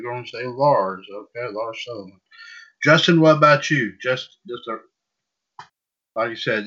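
A man's voice: medium pitch, bright, forceful tone. A man hosting a casual wrestling news podcast, rambling and repeating himself. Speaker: podcast host. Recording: dull lo-fi audio.

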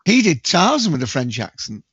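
A man's voice: a little high, wildly swooping pitch, a little fast, fairly bright tone, husky, no echo, lo-fi sound. A man co-hosting a podcast, chatting casually in a rambling, hesitant way with many fillers. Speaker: podcast co-host. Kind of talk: casual chat.

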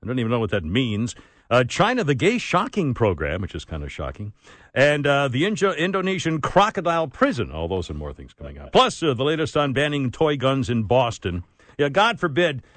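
A man hosting talk radio, bantering quickly and laughing often. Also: mid-range voice, huge pitch swings, fairly bright tone, no room sound. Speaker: radio host.

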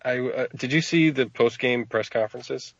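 Husky male co-host, rambly and hesitant, dry and dull lo-fi sound. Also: medium pitch, normal speed, dry recording. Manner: rambling, hesitant, restarts often. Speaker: podcast co-host. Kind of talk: casual sports chat.

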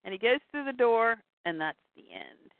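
Lively woman retelling a comic. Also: on the high side, normal speed, creaky, no room sound. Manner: lively storytelling with laughs. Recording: tinny phone-like line, dry.

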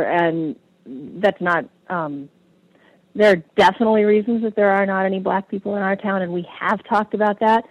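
A woman's voice: mid-range voice, dry recording, poor audio. Woman in her 40s guesting on call-in radio, kinda hesitant, laughs a lot, dry sound. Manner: hesitant, laughs between phrases.

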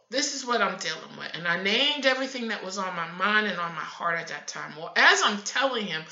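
Middle-aged woman host, candid and animated, bright tone, in an echoey room. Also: a little high. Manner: open, confessional, animated storytelling. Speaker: host of a faith broadcast. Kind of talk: candid personal sharing. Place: at home in front of her computer. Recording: echoey room, muffled lo-fi audio.

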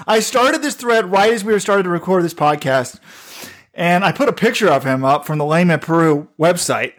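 Excitable high-voiced man. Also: a little fast. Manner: excitable, laughs often. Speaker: podcast co-host. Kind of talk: casual chat.

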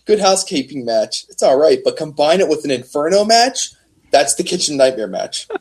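Husky, animated male podcast co-host. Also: on the high side, moderate pace. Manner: rambling, joking, hesitant fillers. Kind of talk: casual wrestling podcast chat.

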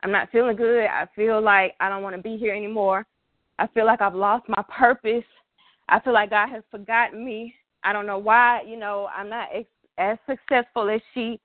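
A young woman talks from the heart in a halting, emotional way, often pausing to collect herself and sounding close to tears. The sound is thin and phone-like, and the room is dry and close. Her pitch sits in an ordinary middle range. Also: fairly even intonation, no echo. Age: 20s. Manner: heartfelt, halting, many fillers. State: tearful, emotional. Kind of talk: emotional personal talk.

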